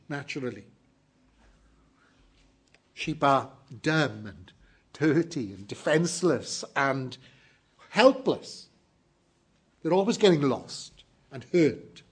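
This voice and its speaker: A man delivers a sermon, his voice sitting a little high and carrying a husky edge. He preaches earnestly and emphatically, slowing down to weigh each stressed phrase for his congregation. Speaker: pastor.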